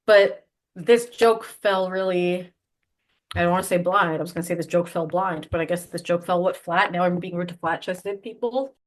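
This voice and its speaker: A woman co-hosting a casual book podcast, chatty, full of "like", quick to laugh. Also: lowish voice. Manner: chatty, lots of "like", laughs easily. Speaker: podcast co-host. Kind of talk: casual book-club chat.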